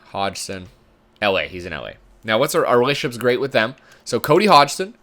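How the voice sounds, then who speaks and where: A man's voice: mid-range voice, sing-song, brisk, fairly bright tone. A man giving casual commentary while playing a sports management game, thinking aloud in a chatty way. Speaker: gamer commentator.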